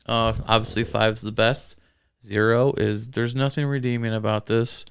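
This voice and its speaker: A man's voice: lowish voice, flat delivery, moderate pace, creaky, clean tone. A man co-hosting a casual movie review chat, laughing easily as he talks. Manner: chatty, laughs often. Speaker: podcast co-host.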